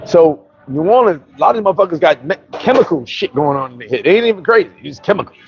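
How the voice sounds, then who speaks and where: A man's voice: a little high, animated, quick pace, gravelly, muffled recording. A man from New York telling brash, profane stories in a casual storytelling monologue as a vlogger.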